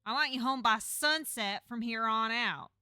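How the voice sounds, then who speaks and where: A woman's voice: on the high side, clear, resonant tone, no room sound, studio quality. Woman doing a scolding bossy cousin. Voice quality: loud, scolding, rapid-fire. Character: bossy worried adult male cousin.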